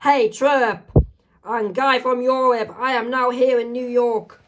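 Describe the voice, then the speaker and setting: A man voicing a mean, bossy teenage girl babysitter in a homemade comic reading, yelling her lines. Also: high voice, fairly even intonation, normal speed, background noise, natural voice.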